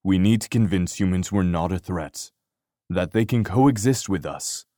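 A man's voice: low voice, moderate pace, warm tone, no echo, clean studio sound, lightly acted. A man voicing a weary, earnest male wolf-shifter leader in an audiobook.

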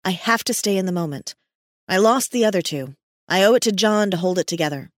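A woman's voice: medium pitch, expressive, brisk, no echo, studio quality, lightly acted. A woman voicing a tense, stubborn climbing guide in her mid-thirties, muttering clipped words to herself. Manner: clipped, muttered self-talk.

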